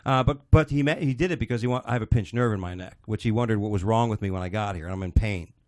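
A man's voice: fairly low pitch, quick pace, dry recording, clean studio sound. A man casually telling a rambling, profane story, full of restarts.

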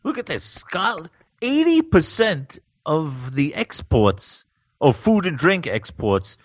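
A man's voice: on the high side, big pitch swings, takes it slowly, dry recording, studio quality. A man co-hosting a podcast in casual chat, wisecracking and reading news bits. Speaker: podcast co-host.

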